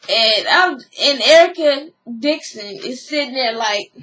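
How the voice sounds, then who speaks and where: Woman vlogger, casual recap, slangy and unhurried, sharp bright voice. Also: sits high, lively intonation. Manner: blunt, slangy, sassy.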